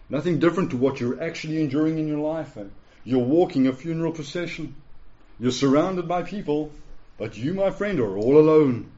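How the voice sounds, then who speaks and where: A man preaching with an earnest, pleading urgency, often pausing to check in with his listeners. His voice is mellow and dark at a middling pitch. The recording sounds dull and lo-fi. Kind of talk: sermon.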